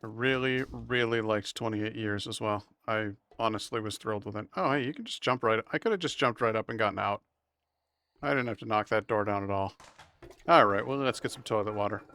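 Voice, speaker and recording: A man's voice: lowish voice, normal speed, a bit bright. A man casually commentating his own survival game stream, wry and chatty, talking to himself as he plays.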